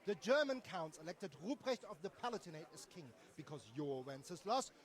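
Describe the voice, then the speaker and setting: An actor playing a stubborn German villager who lectures others with haughty confidence. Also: male voice, high-pitched, big pitch swings, a little fast. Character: stubborn German villager defending a rival king.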